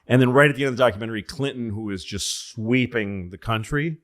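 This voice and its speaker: A man hosting a podcast, casually telling a long story and acting out the people he quotes in excited, higher voices. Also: fast. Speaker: podcast host.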